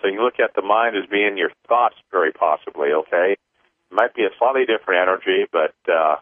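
A man co-hosting a paranormal talk show, speaking haltingly with many fillers and restarts, then slowly leading listeners through a counting exercise. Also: low-pitched, no echo. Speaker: radio show co-host. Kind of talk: casual paranormal talk and guided counting session. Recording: tinny phone-line sound, dry.

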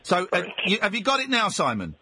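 High, lively radio host, husky. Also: male voice, no room sound. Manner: exasperated, bossy and quick to laugh. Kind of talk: late-night talk radio hosting. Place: radio studio. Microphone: studio microphone.

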